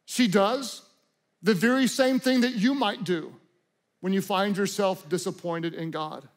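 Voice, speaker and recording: A middle-aged man delivers a sermon as pastor in a notably high voice. He speaks slowly and deliberately, swinging between hushed stretches and fervent, shouted appeals. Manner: impassioned preaching, shifts from quiet to shouting.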